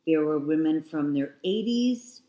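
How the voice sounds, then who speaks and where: Low-voiced, unhurried woman in her sixties, candid storyteller, echoey room. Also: lively intonation, warm tone. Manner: reflective, frank, repeats phrases. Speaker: guest.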